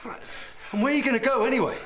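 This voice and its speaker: A man playing a doctor in a TV drama who reassures a patient calmly and then pleads urgently with a gunman. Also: very high voice, racing, a little hiss or hum. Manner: calm and reassuring, turning urgent. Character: steady male doctor talking down a gunman. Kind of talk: TV drama acting.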